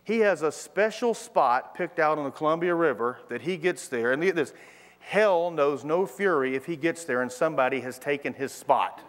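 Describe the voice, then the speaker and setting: Speaking at a moderate pace in a voice on the high side, a middle-aged pastor delivers a sermon full of animated stories. He acts out the characters' voices, and the church sanctuary gives the recording a long hall reverb.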